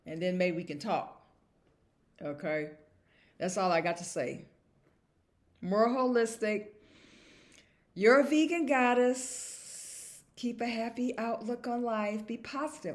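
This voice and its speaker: A woman vlogger talking to camera in a casual monologue, emphatic and repetitive and chuckling at herself. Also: medium pitch.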